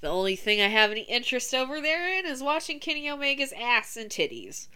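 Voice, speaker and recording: A woman's voice: a little high, very animated, fast talker, pushed and bright, clean tone. A woman co-hosting a podcast, chatting casually and animatedly over a remote call, swearing and laughing often. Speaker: podcast co-host. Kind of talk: casual wrestling podcast chat.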